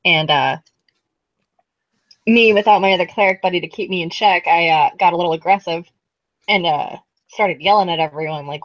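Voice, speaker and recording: A woman's voice: lowish voice, normal speed, pauses often, no echo, muffled recording. A woman recapping a tabletop game session in casual chat, rambling with lots of "um" and "like". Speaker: player recapping the last session.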